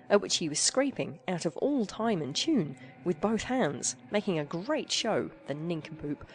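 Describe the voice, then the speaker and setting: A woman narrating a classic story aloud in an animated, theatrical way. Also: mid-range voice.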